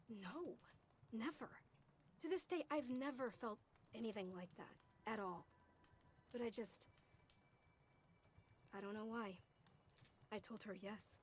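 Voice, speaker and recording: A woman reading a troubled young woman's memory in a quiet, reflective way. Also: mid-range voice, slight background noise, lightly acted. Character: anxious young woman recalling her youth.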